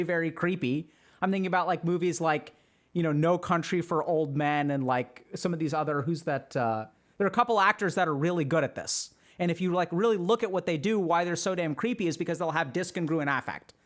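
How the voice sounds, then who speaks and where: A man's voice: high-pitched, brisk. A man explaining ideas on a livestream in a casual, conversational way, with many fillers. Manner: animated, conversational, frequent fillers. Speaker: streamer and psychiatry educator.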